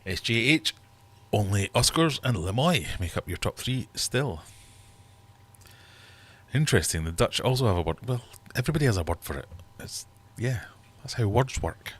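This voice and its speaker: A man's voice: lowish voice, lively intonation, moderate pace, slightly rough. A man hosting a live-stream quiz from his fish room, chatty and teasing his viewers. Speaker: livestream host running a quiz. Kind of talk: casual live-stream chat.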